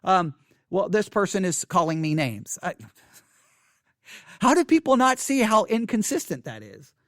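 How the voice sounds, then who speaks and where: A man hosting a channel, reading viewer comments aloud and answering them in an animated, exasperated way, with frequent stammered restarts. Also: high-pitched, measured pace, dry recording, studio quality.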